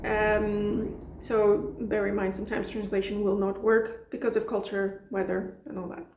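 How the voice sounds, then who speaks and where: In a casual explanatory lesson, a woman who teaches language and has a European Portuguese accent walks through phrases in a mellow, relaxed, mid-range voice at a moderate pace. Chatty and quick to laugh, she acts out dialogue lines. The audio has a roomy echo and slight background noise.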